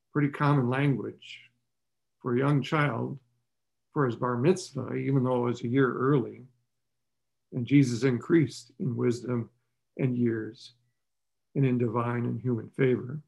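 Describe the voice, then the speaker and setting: A man preaching a sermon in a conversational way, asking the listeners rhetorical questions. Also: gravelly. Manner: voices the characters' lines with rising pitch.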